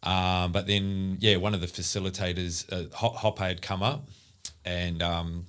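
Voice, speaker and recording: A man with a very deep voice talks casually on a podcast. His story wanders, broken up by restarts, fillers and blunt swearing. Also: fairly even intonation, a little slow, fairly bright tone.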